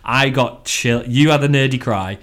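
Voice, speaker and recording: This is a man co-hosting a casual podcast. His voice is mid-pitched, and he comes across as excitable and emotional about the film he is discussing. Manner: excitable, emotional, quick to laugh. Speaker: podcast co-host.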